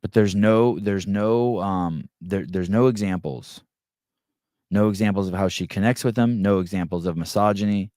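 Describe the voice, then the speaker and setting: In a casual podcast monologue, a man retells a story in a loose, rambling way, restarting often and acting out the quotes. His voice is on the low side and darkish, at a moderate pace, recorded dry in a clean studio.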